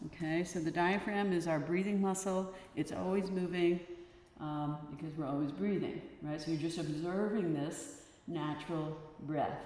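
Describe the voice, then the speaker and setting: Low-voiced woman guiding breathing in a hall. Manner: calm, soothing instruction with counted breaths. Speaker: yoga teacher. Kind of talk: guided breathing class. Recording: echoey hall with long reverb. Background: soft instrument tones.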